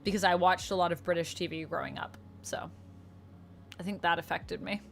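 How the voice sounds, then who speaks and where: A young Canadian woman streaming casually, reading viewer comments aloud and answering them warmly. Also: fairly low pitch, brisk, vocal fry, faint music behind. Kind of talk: casual livestream chat.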